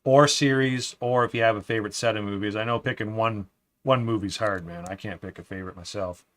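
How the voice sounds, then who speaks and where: A man with a lowish, steady voice speaks fairly quickly while running a casual live stream at his desk. He chats easily, reads out viewer comments, frequently calls people "man," and sometimes trails off into a mutter while building.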